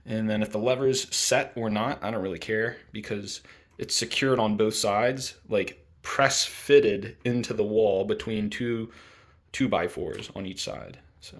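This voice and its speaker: A young man talking through a home wiring job in a relaxed, thinking-aloud way. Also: fairly low pitch, unhurried. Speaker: DIY video host. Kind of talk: casual how-to narration. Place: indoors in a home bathroom.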